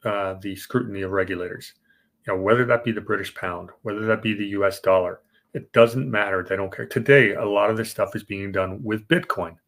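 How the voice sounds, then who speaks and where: Low-voiced man explaining history. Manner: explanatory, rambling with restarts and fillers. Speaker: podcast co-host. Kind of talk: casual history discussion.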